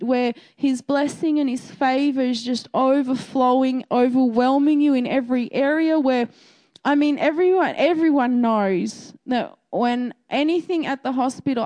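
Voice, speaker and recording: A midwife shares a faith message, giving a chatty testimony and encouragement while acting out her own reactions. Her voice is high with a darkish tone.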